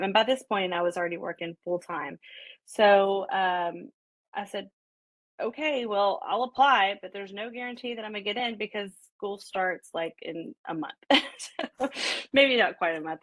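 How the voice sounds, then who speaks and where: A woman's voice: mid-range voice, moderate pace, no echo, poor audio. Middle-aged woman professor telling her story, acts out the quotes, dry close sound. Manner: animated retelling, quoting herself and her husband. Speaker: college professor. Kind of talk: personal storytelling.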